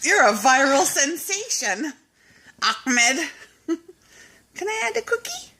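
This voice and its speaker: A woman's voice: sits high, very animated, slow, noisy background. A woman filming her dog at home, talking to it in playful, coaxing baby talk and laughing often. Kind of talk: casual baby talk to a pet.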